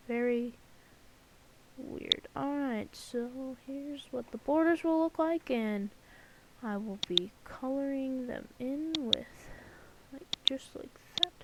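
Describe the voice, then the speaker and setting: Woman, slightly high-pitched, casual rambling map commentary, jokey with playful sound effects. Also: background noise. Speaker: channel host. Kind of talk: casual commentary over an alternate-history map.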